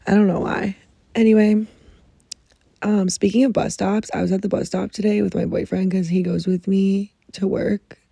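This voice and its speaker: A woman hosting her own podcast, telling stories in a rambling, animated way with frequent swearing, talking from under a blanket. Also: mid-range voice, creaky, breathy edge, dry recording. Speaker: podcast host. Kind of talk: casual storytelling.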